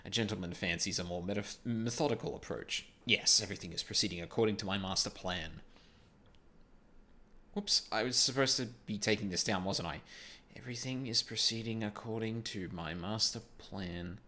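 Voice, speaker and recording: A man doing a vain young gentleman inspector from a game, theatrical and flowery. The voice sits low but bright. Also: normal speed. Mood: smug. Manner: grandiose, theatrical.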